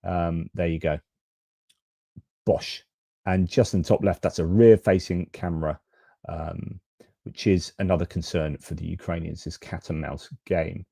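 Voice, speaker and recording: Mellow man ranting frankly. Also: low voice, fairly even intonation, measured pace, vocal fry, husky, no echo, studio quality. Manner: frank and exasperated, casual swearing. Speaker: host. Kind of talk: live-stream news commentary.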